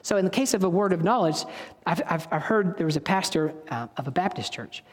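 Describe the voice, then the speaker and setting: With a high, expressive voice and a fairly quick pace, this pastor delivers a casual, story-driven sermon. He often pauses to fix what he's said, and a long hall reverb trails his words.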